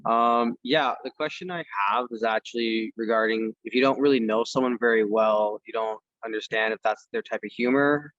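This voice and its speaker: A man's voice: medium pitch, steady tone, normal speed, few pauses, a bit bright, dry recording. Hesitant man on a dull, dry video call. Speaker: trainee asking a question. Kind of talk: hesitant question.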